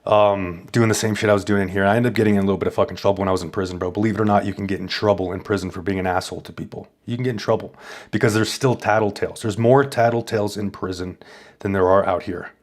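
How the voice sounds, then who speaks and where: A man's voice: lowish voice, steady tone, fast talker. A man hosting a stream, telling a rambling, boastful story in crude, casual chat. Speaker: streamer host.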